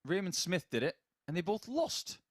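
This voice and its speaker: A male former player commentates on darts in a chatty, playful way. His voice is slightly high for a man and swoops through a wide, animated range. The sound is dry and close, as a commentary box would give it. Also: normal speed, slightly rough, no echo. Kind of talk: live sports commentary.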